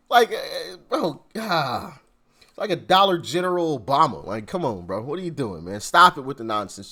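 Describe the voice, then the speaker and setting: A man's voice: a little high, sing-song, moderate pace, pushed and bright, husky. A man hosting casual political reaction commentary, laughing and exasperated, talking in informal slang.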